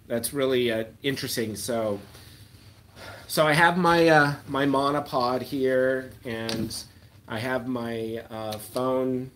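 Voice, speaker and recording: A man chatting casually on a live stream and answering viewer comments, rambling with ums and letting his sentences trail off into a mumble. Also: medium pitch. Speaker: slot-machine YouTuber hosting a live chat.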